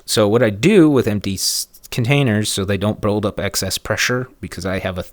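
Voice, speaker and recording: A man with a low voice telling a story in a relaxed, rambling way. He drifts into side remarks and chuckles at his own snark, and the sound is dry and close. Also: a little fast, dry recording. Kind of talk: casual storytelling.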